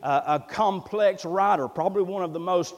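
A man preaching a sermon in a folksy way, building up to loud, emphatic peaks. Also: high voice, moderate pace. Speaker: pastor. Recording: long reverb in a church hall.

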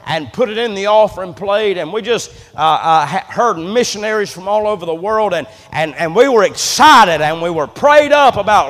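Man, pastor, fiery sermon, high voice, long church-hall reverb, loud-soft swings. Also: lively intonation, moderate pace. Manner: impassioned preaching, repeats words, swings loud and soft. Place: church sanctuary.

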